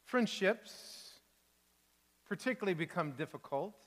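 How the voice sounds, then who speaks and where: A man, a pastor, reading a children's storybook aloud in a sermon with expressive, animated delivery. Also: high voice, measured pace, in a large hall.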